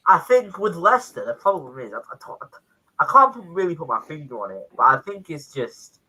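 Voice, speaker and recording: A man's voice: on the high side, very animated, brisk, sharp tone, breathy edge, low-quality recording. A man on a football panel, rambling casually with cheeky banter.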